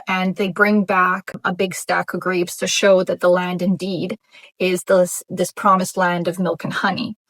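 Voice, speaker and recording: A woman's voice: medium pitch, dry recording, rough recording. A woman vlogger reflecting on her Bible reading in casual commentary, thinking aloud with fillers and restarts. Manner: thoughtful, musing, frequent fillers and restarts.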